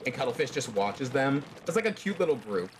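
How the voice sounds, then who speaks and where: A man telling a fan story in a loose, rambling way, dropping filler words all through. His pitch moves around a lot, with a faint hum of background noise behind him. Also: sing-song, a little fast. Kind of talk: casual storytelling.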